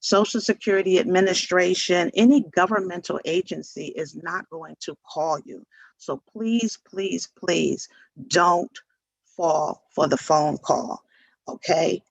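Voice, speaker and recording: A man's voice: high voice, creaky, no room sound, lo-fi sound. A man presenting a scam-prevention seminar to seniors. He speaks earnestly and repeats words for emphasis. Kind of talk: informational talk to seniors.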